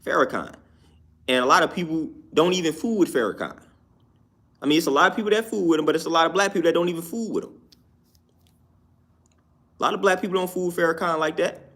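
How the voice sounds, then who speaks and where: A man's voice: on the high side, fast talker, pauses often, fairly bright tone. A man talking through his opinions on his own YouTube show, emphatic and repetitive, often asking "you know what I'm saying". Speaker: YouTube commentator. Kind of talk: casual opinion talk.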